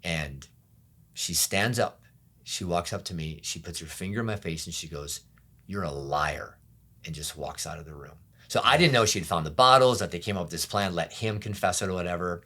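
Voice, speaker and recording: A pastor with a very deep, low voice gives a personal testimony in a sit-down interview, speaking briskly. He's candid and soft, frequently trailing off into a murmur, and briefly acts out what others said to him.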